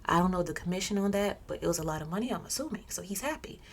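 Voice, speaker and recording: A woman's voice: fairly low pitch, animated, rapid-fire, husky. Chatty woman storyteller. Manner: chatty, with personal asides. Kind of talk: casual storytelling.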